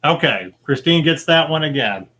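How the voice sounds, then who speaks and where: A man's voice: a little high, lively intonation, moderate pace, bright, forceful tone. A man hosting a casual movie-quote game show, easygoing and rambling, with lots of fillers and chuckles. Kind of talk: casual chat.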